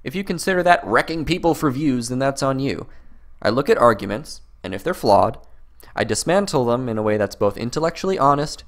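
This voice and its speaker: A man's voice: animated, fairly quick. A man hosting a commentary video, rebutting clips in a mocking, exasperated tone. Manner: mocking, exasperated, mimics opponents in high voices.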